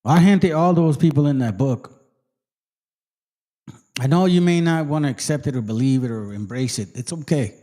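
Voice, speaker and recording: A man's voice: medium pitch, normal speed, pauses often, warm tone. A man hosting his own channel, ranting heatedly to viewers, swearing often and dropping into Spanish slang. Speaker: channel host. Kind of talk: profane casual rant to viewers.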